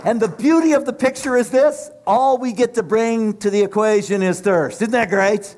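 A middle-aged male preacher delivers a sermon in a notably high voice. He builds his points in rhythmic, repeated phrases and speaks with rising passion. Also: normal speed, a little mellow, slight background noise.

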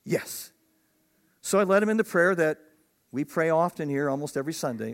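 A man's voice: on the high side, animated, normal speed, vocal fry, long pauses. A man, a pastor, preaching a conversational sermon that builds to emphatic, raised peaks.

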